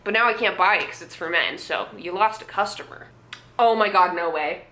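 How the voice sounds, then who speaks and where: A woman's voice: on the low side, moderate pace, sharp tone. A young woman vlogger giving blunt, sarcastic commentary, swearing and laughing often. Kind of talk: casual commentary. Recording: echoey room.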